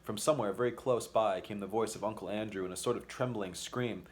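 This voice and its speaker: A man with a fairly low voice reading a children's fantasy story aloud. His narration is expressive and measured, with a steady storytelling rhythm. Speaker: audiobook reader. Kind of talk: audiobook narration.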